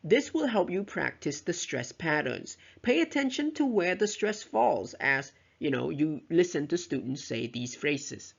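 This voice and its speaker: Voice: medium pitch, sing-song, measured pace, vocal fry, hardly any pauses. A teacher giving a lecture on pronunciation, explaining step by step and modeling example sentences aloud. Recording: dull, lo-fi recording.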